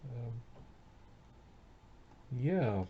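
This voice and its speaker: Middle-voiced man, unhurried unboxing chat full of ums and restarts; muffled lo-fi home recording. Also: mid-range voice, animated, slightly rough. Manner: rambling, with many fillers and restarts. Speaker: record collector vlogger.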